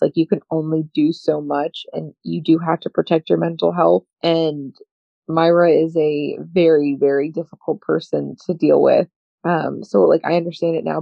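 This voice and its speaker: A young woman co-hosting a podcast tells her story candidly, rambling and leaning on "like" as she goes. Her voice has a heavy gravelly fry and a husky edge. The recording is dull and dry, with a lo-fi sound. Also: low-pitched, no room sound. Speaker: podcast co-host. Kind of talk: candid personal podcast chat.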